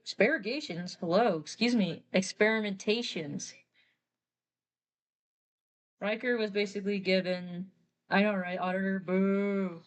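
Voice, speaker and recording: A woman artist on a live stream, explaining story lore in a chatty, rambling way, often correcting herself. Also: medium pitch. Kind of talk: casual live-stream chat.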